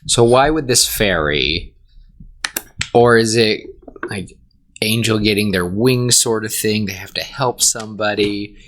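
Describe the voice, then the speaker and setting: A man co-hosting a podcast in casual comedic chat, animated and rambling. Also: fairly low pitch, unhurried. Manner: animated, rambling, laughs often. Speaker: podcast co-host.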